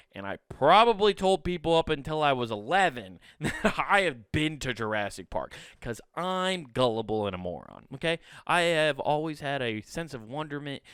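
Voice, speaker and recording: A man's voice: a little high, very animated, moderate pace, fairly bright tone, clear, resonant tone, no echo, studio quality. A man in his thirties from the US Midwest, hosting a podcast and telling a comedic story, self-mocking and swearing freely. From Sioux City, US Midwest.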